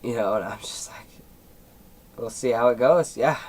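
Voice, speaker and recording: A man's voice: mid-range voice, normal speed, a little mellow, rough recording. A seventeen-year-old young man telling a personal story in a casual vlog, rambling with many fillers and at times emotional. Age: teens. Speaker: YouTuber.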